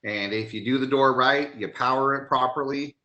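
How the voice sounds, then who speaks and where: A man's voice: medium pitch, normal speed, bright, forceful tone, highs cut off. A man speaking as a technical trainer in a live online session, emphatic and enthusiastic, recorded in an echoey room on a video call mic. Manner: emphatic, enthusiastic about installation.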